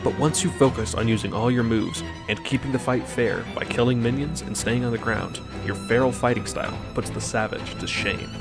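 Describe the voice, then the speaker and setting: A man's voice: mid-range voice, fairly quick, vocal fry, few pauses. A man narrating a gameplay video voice-over in a wry, joking, explanatory way. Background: background music.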